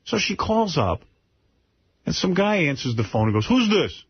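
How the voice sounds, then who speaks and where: Animated man telling a story on radio. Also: fairly high pitch, normal speed, husky. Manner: animated, swearing, mimics people in stories. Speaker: radio show host. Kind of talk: casual radio banter and storytelling. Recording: dull radio broadcast with faint noise.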